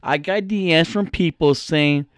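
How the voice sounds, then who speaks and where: A man's voice: on the high side, measured pace, clean tone, dry recording, clean studio sound. A man casually telling a story to his viewers, laughing often and swearing freely.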